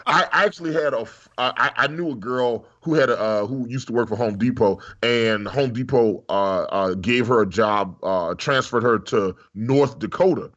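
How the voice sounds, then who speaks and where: A man's voice: medium pitch, moderate pace, hardly any pauses, fairly bright tone, lo-fi sound. A man co-hosting a podcast in casual chat, telling rambling stories and laughing at his own jokes. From United States. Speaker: podcast co-host.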